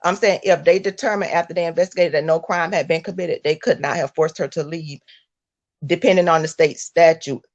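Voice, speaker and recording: Muffled, measured woman calling in. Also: fairly low pitch, fairly even intonation. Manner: measured, keeps clarifying her point. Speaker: guest caller on a livestream. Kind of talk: debating on a livestream. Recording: muffled call-in audio.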